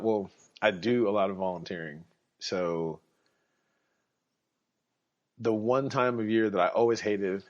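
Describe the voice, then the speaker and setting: Blunt, sarcastic man with a low voice. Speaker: podcast host. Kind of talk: casual monologue. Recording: dull lo-fi recording.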